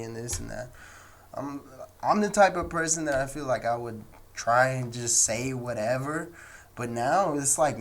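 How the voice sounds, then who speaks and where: A young man with an American accent hosting a casual solo podcast, telling stories in a loose, rambling way. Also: mid-range voice. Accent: American English. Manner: loose and rambling, acts out quoted people in raised voices. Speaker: podcast host.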